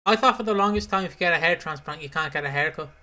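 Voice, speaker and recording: A man co-hosts a casual podcast, his voice bright and a little sharp in tone. He rambles through retellings, restarting sentences as he goes. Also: on the high side, racing. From Britain. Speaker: podcast co-host. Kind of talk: casual chat.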